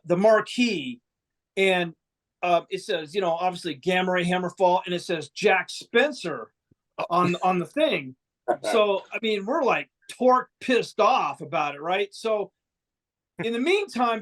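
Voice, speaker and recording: A man's voice: sits high, a bit bright. A man, a guest musician, telling a long anecdote in a casual, profane, rambling way with frequent restarts. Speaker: band member guest. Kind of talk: casual storytelling.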